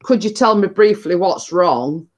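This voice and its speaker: A woman's voice: lowish voice, lively intonation, unhurried, a little mellow, dull audio. A woman hosting a casual chat, rambling and repeating her words as she tells a story. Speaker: host.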